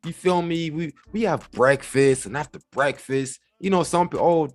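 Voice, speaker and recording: A man's voice: on the high side, normal speed, no room sound. A man hosting his own vlog, talking casually and jokingly to viewers. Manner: joking, playful, repeats "you feel me"; uses African American English ("y'all", "ain't"). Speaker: show host. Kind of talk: casual direct-to-camera vlog.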